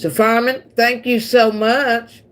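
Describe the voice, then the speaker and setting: Her voice is on the high side, level in tone, and slow. A woman from Missouri and Oklahoma in the central United States, she hosts a relaxed livestream, chatting with viewers in a rambling way and laughing often.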